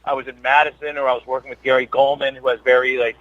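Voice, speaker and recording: A man's voice: mid-range voice, level tone, dry recording. Rambling man on a lo-fi podcast. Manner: rambling, halting, many restarts. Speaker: podcast guest, comedian. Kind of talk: casual chat. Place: New York based.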